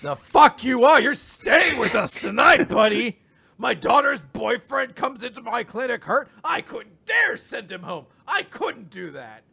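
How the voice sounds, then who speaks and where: A man doing a shouting blustering dad. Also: very high-pitched, sing-song, a little slow, gravelly, slightly rough, voice pushed up, exaggerated voice. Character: loud blustering father, a clinic doctor.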